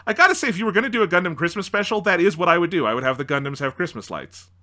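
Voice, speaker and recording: Lively, bright-voiced man riffing. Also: sits high, rapid-fire. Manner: animated, amused commentary. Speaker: podcast co-host reading fan fiction aloud. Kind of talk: comedic dramatic reading with commentary.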